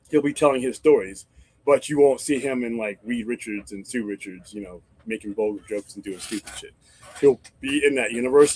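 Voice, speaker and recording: A man's voice: mid-range voice, slight background noise. A man hosting a casual live-stream chat, rambling and swearing freely as he thinks aloud with restarts. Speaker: host.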